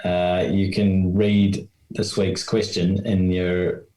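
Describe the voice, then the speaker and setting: A man's voice: low voice, flat delivery, slow, dark tone, echoey room, rough recording. A man co-hosting a casual podcast chat, teasing his co-host in a jokey way.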